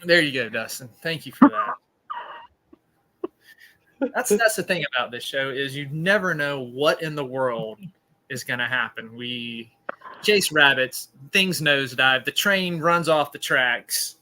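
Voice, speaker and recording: A podcast host, a man with a medium-pitched voice, chats casually on a live stream at a measured pace, his tone pushed and bright. He jokes and rambles, laughing at his own corny puns, and the recording is rough.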